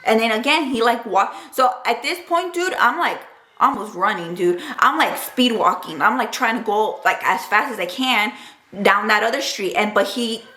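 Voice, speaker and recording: A young woman tells a personal story straight to camera in a loose, chatty way, peppering every phrase with "like" and "dude". Her voice sits a little high, and her feelings run close to the surface. The room around her rings with a noticeable echo. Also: expressive, normal speed, bright, forceful tone. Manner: chatty, full of "like" and "dude", emotional. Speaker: vlogger. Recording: roomy echo.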